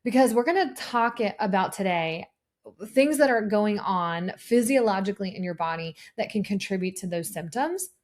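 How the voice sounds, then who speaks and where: A woman's voice: medium pitch, expressive, normal speed. A woman in her thirties hosting a health podcast, speaking earnestly and personally as a nurse practitioner, with frequent fillers and restarts. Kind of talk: solo podcast talk.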